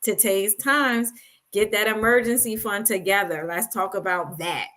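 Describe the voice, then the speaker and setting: A woman's voice: medium pitch, unhurried, a bit bright. A woman guest panelist who talks in an effusive, thankful way. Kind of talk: casual chat.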